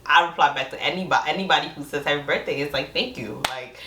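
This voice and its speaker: A young woman telling a couple's story with lively energy, acting out quotes with big jumps in her voice and laughing often. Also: low voice, fast talker, background noise. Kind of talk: animated storytelling. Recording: roomy sound from a distant mic.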